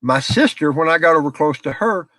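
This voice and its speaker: A man's voice: fairly high pitch, lively intonation, a little fast, a bit bright, dry recording. A middle-aged man hosting a casual live stream from a small office, chatting with viewers and telling stories, often laughing. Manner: folksy storyteller, laughs often.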